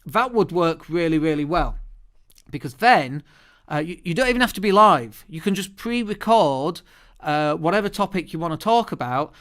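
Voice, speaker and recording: A British man hosting a solo podcast, talking in a chatty, lively way into a studio microphone and often restarting his words. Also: a little high, moderate pace. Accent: British English. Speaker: podcast host.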